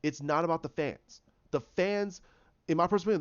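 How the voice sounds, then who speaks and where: A man's voice: a little high, fairly quick, dull audio. A man giving an impassioned, opinionated solo commentary, often repeating himself and restarting phrases as he argues his point. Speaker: YouTube commentator.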